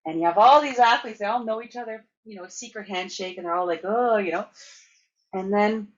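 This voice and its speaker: Lively storytelling woman, muffled sound. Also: mid-range voice, brisk. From Canada. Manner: lively, laughing anecdotes with acted-out quotes. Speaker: keynote speaker. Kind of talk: storytelling conference talk.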